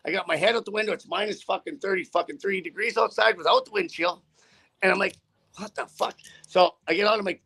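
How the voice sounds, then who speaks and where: A man's voice: high-pitched, quick pace, gravelly, sharp tone, breathy edge. A man who drives trucks, telling a story in a casual interview with a profane, rambling, heated manner.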